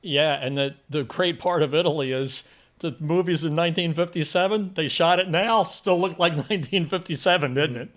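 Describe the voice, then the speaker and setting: A man's voice: a little high, moderate pace. An older man co-hosting a casual movie review chat, telling stories and acting out quotes with energy. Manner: animated storyteller, acts out quotes.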